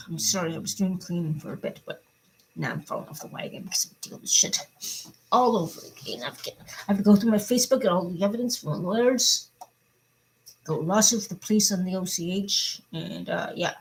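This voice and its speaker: A middle-aged woman giving a personal video update, upset and swearing, her voice swinging between loud anger and quiet, subdued talk. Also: lowish voice, brisk, slight background noise, low-quality recording. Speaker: vlogger.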